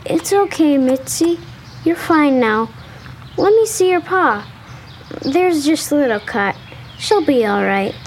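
A woman doing a sweet earnest boy, high lively voice, slow delivery, radio play, noisy recording. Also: full character voice. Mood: gentle. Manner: earnest, expressive. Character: earnest young boy, kind-hearted. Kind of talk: radio drama acting.

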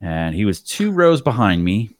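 A man's voice: fairly low pitch, moderate pace, dry recording. A man in casual podcast chat, telling a story and mimicking the people in it. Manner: animated, does voices of people in his stories.

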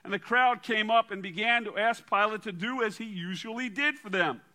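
A man preaching a sermon and reading scripture aloud in a dramatic way, dropping to a quiet low voice for emphasis. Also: moderate pace. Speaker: pastor.

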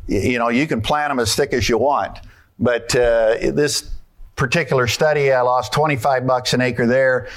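A man's voice: mid-range voice, fairly even intonation, normal speed. A man giving a folksy conference talk on farming, asking the audience questions and walking through his slides.

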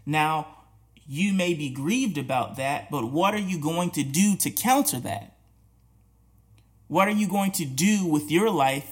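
A man hosting a podcast, talking earnestly and challenging listeners with repeated rhetorical questions, with restarts and short laughs. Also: fairly high pitch. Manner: many restarts and hesitations, soft laughs. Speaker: podcast host. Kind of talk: reflective spoken commentary.

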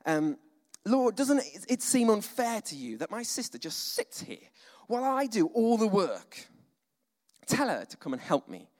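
A man's voice: sits high, wildly swooping pitch, a little slow, a little mellow, pitched above the performer's own voice, full character voice. A man voicing an overworked, exasperated woman hosting a dinner, who complains and pleads. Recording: long hall reverb.

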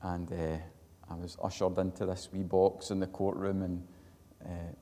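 A Scottish man preaching a sermon, telling an earnest personal story that swells to loud emphatic peaks and sinks back to quiet. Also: low-pitched, little pitch movement, measured pace. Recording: long hall reverb.

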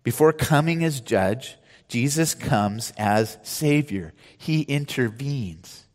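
A man preaches from the pulpit, his voice at a medium pitch for a man. He moves easily between scripture and relaxed personal stories, speaking plainly to the congregation. His words ring out with a long reverb in the church hall. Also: takes it slowly. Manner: conversational preaching with personal anecdotes. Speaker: pastor. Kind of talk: sermon.

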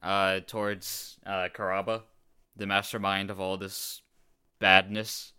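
Male tabletop player, low, bright, crisp, dry close sound. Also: flat delivery, takes it slowly, no room sound. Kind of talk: casual tabletop play.

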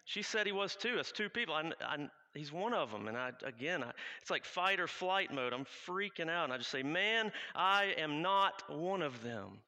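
A man playing a remorseful male apostle in a first-person dramatic monologue, confessional and halting. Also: on the high side, lively intonation, pushed and bright, exaggerated voice. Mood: panicked. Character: remorseful male apostle recounting his denial.

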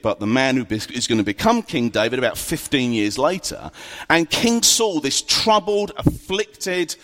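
A man preaching in a casual, storytelling way, tossing in humorous asides. His pitch swings up and down with lively energy. The sound carries a long, echoing reverb, as in a large hall. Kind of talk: sermon.

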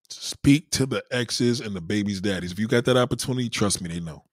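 A man hosting a podcast, telling crude stories in an animated, profane monologue. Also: on the low side, fairly quick, few pauses, no room sound, studio quality. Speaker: podcast host. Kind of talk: casual comedic monologue.

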